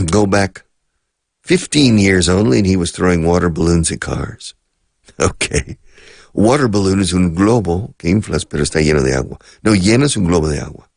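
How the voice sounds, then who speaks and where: A deep, husky middle-aged man teaches a radio English lesson. He talks slowly and repeats phrases, switching between English and Spanish. The sound is close and dry, with a gravelly edge. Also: animated, no echo.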